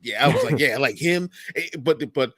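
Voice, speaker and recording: A man in his forties co-hosting a podcast, chatting casually and joking, acting out quotes in loud voices. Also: medium pitch, fairly quick, no room sound. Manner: animated, jokey, acts out quotes in loud voices. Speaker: podcast co-host. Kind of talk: casual chat.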